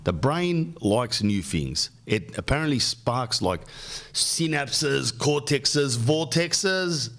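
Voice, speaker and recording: A middle-aged man with an Australian accent, hosting a podcast and telling a long, rambling story full of jokes and quick lists. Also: mid-range voice, animated, fairly bright tone. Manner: rambling, jokey, riffs on lists. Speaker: podcast host. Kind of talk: casual storytelling monologue.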